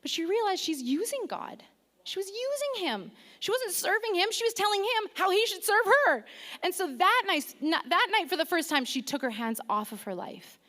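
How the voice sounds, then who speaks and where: A woman preaching a sermon to her church, lively and self-deprecating, joking and calling out to the congregation. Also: very high-pitched, moderate pace. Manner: lively, self-deprecating humor, engages audience. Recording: long reverb of a large hall.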